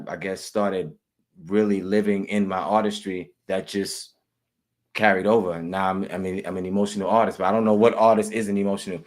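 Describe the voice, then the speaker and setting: A man, an actor, talking casually in an interview, with relaxed, halting speech full of restarts and easy laughter. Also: fairly low pitch. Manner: relaxed, many restarts and repeated words, laughs often. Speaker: actor and guest.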